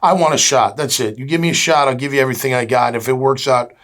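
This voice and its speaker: Interview guest, man in his 50s from florida, mid-pitched, chatty storyteller who acts out what people said. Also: fairly even intonation, fast, fairly bright tone. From Jacksonville, Florida. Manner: chatty, acts out quoted dialogue, many "you know" fillers. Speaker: guest, former pro football player.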